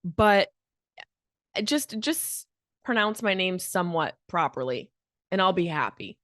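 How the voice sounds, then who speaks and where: A woman's voice: on the low side, lively intonation, a little slow, pauses often, a bit bright, no echo, studio quality. A woman comedian hosting her own podcast, talking in a brash, profane, fired-up comic monologue.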